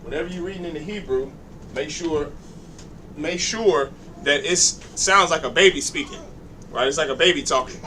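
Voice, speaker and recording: A man teaches a reading class, coaching in an encouraging way and correcting pronunciation as he goes. His voice is crisp and very bright, set a little high. A faint hiss of noise sits in the background. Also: moderate pace. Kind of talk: classroom instruction.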